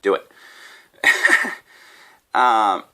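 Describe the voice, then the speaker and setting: A man's voice: lowish voice, very slow, sharp tone. An Australian man, a comedian, telling a rambling, profane story with laughs at his own tangents. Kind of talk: casual comedic rant.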